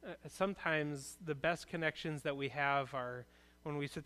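Male pastor, earnest conversational preacher, fairly high smooth voice, speaking in a church. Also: normal speed, sharp tone. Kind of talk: sermon.

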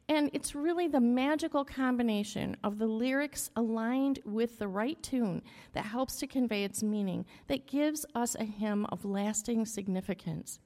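A woman leads a relaxed hymn lesson for a congregation, checking in with "okay?" and humming out the beats. Her voice sits a little high. A long hall echo trails behind her words. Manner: chatty, explains with "okay?" and hums rhythms. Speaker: church music leader. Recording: long echo of a large room.

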